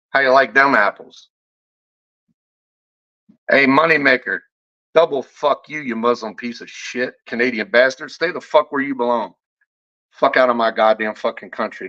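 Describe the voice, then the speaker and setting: A man's voice: medium pitch, sharp tone. A man who reviews fragrances, ranting in a casual vlog. He is combative and swears constantly, and he stumbles over repeated words when heated. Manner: profane, combative, heavy swearing. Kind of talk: off-the-cuff vlog rant. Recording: dull lo-fi audio.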